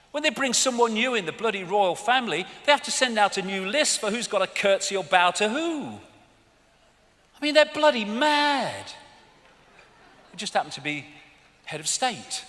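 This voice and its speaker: An English man giving a live seminar lecture, animated and mocking, swearing freely. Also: high-pitched, brisk. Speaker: seminar speaker. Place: lecture hall with audience. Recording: long hall reverb, faint audience.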